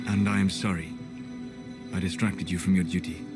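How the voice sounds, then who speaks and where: A gentle elven mage, voiced by a man speaks in a very deep voice, soft, measured and formal. It is video game dialogue with strong orchestral music swelling beneath it. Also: level tone, lightly acted. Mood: tender regret. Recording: game audio under loud music.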